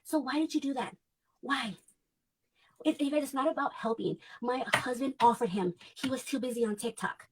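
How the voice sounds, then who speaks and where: A woman's voice: high voice, moderate pace, noisy background. A woman on a clipped livestream, ranting in a blunt, heated way, swearing often and repeating herself. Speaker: vlogger.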